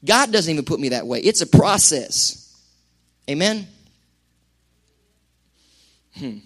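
Pastor, high-pitched guy, animated sermon with lots of little acted-out bits. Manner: animated preaching with quick acted-out asides. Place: church sanctuary.

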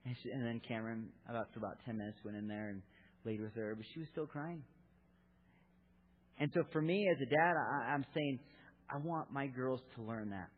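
A man's voice: medium pitch, a little fast. A man in his thirties giving an earnest, candid sermon to fathers, telling stories from his own family. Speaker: preacher at a church gathering for fathers. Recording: tinny phone-like lo-fi recording.

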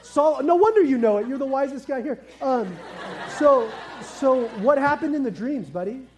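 A man preaching in a very high, mellow voice. He speaks casually and lively to a family congregation, tossing questions to the audience and slipping into slang. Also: moderate pace, a faint crowd, a little hiss or hum. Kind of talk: family sermon with kids present.

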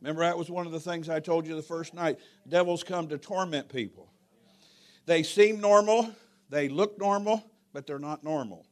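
A man's voice: a little high, normal speed. A middle-aged man, a pastor preaching a sermon and telling stories in a folksy, humorous way. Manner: folksy, humorous, animated storytelling. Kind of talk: sermon with storytelling.

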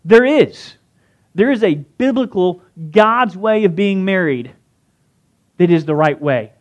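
A man's voice: high voice, expressive, slow pace. A man giving a conversational sermon, often putting questions to his listeners. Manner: conversational, asks the crowd questions. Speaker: pastor.

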